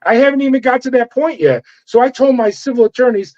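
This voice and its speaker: A middle-aged man, a former corrections officer, telling his story in an interview with animated, profane delivery and acted-out dialogue. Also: extremely high pitch, fast, few pauses. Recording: dull lo-fi audio.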